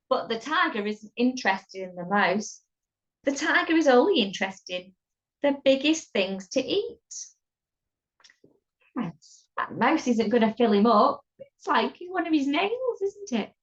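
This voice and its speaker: A woman's voice: high voice, very animated, a little slow, fairly bright tone. A woman reading a picture book aloud to children, chatty and playful, stopping to ask the listener questions. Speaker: storyteller. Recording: dull lo-fi recording.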